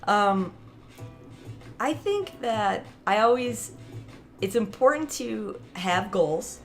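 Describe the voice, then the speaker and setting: Chatty woman vlogger with vocal fry. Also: medium pitch, big pitch swings, slow, faint music behind. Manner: chatty and rambling, laughs often. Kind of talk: casual to-camera vlog.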